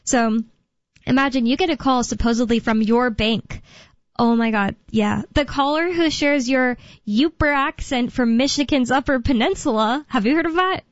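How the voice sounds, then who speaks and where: Woman radio host, fairly high voice, chatty and rambling, dry dull studio sound. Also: normal speed, no room sound. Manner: chatty, rambling, with fillers and laughs. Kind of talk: casual talk radio chat.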